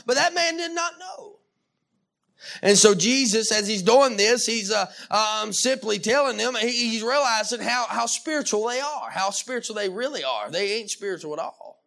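A man preaching a sermon, animated and emphatic, with frequent restarts and calls of amen. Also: very high-pitched, vocal fry. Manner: animated, with many restarts and Southern-style "y'all".

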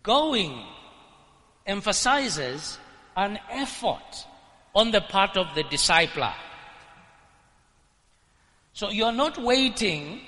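A man preaching a sermon, building emphatic lists and rising to shouts at the peaks. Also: sits high, sing-song, drawn-out words, long pauses. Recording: long hall reverb.

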